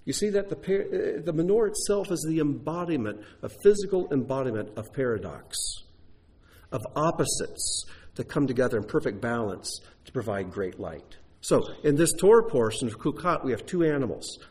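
A man's voice: mid-range voice, animated, normal speed, darkish tone, a little hiss or hum. A man teaching a sermon in a conversational way, asking the listeners rhetorical questions. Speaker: Bible teacher.

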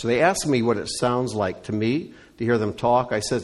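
A man's voice: mid-range voice, moderate pace, hardly any pauses. Folksy man leading a congregation Q&A. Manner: folksy storyteller. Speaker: congregation leader. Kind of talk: conversational report and Q&A.

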